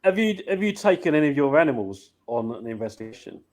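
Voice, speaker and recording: A man's voice: mid-range voice, sing-song, fast talker, a little mellow. A man hosting a casual talk show, teasing his guest and laughing often. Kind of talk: casual chat.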